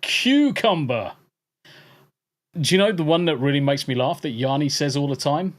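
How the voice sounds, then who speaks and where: A man's voice: a little high, fast talker. A man with an English accent hosting a podcast, chatting casually with viewers in jokey, profane banter. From England. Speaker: podcast host. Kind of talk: casual chat with live viewers.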